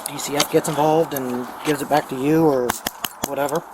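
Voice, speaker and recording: A man's voice: a little high, steady tone, normal speed. Brief: man, police officer, clipped and businesslike, noisy outdoor body cam sound. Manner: terse, matter-of-fact. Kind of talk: police questioning. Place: outdoors by a store parking lot. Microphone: police body camera.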